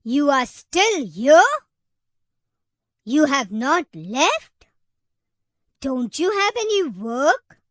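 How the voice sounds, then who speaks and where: A big male elephant from a children's storybook grumbles, loud and slow, in a cross voice, as a woman puts him on. Her voice stays high and lively. The sound is dry and close. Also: no room sound, exaggerated voice. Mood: angry.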